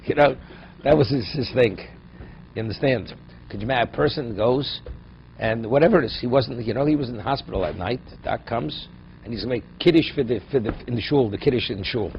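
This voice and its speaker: A man's voice: mid-range voice, fast talker, creaky. Man teaching Talmud. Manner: explains Aramaic phrases in English, asks "right?" often. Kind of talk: daily Talmud class. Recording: dull lo-fi recording with faint noise.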